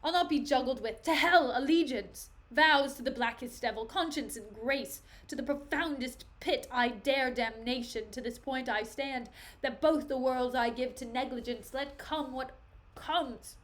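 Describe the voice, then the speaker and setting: A woman's voice: fairly high pitch, measured pace, lightly acted. Woman reading as a furious young nobleman. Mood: enraged. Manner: loud, defiant declaiming.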